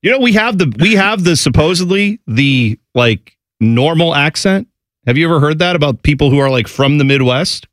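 Animated man co-hosting a chat show. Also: fairly high pitch, normal speed, no room sound, studio quality. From Central Ohio. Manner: animated, slips into mocking put-on accents. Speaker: podcast co-host. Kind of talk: casual chat.

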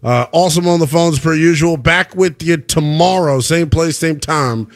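A man's voice: on the high side, moderate pace. A man hosting a sports radio show, joking around and signing off the night's program. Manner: playful, joking, lively delivery. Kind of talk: casual radio chat and show sign-off.

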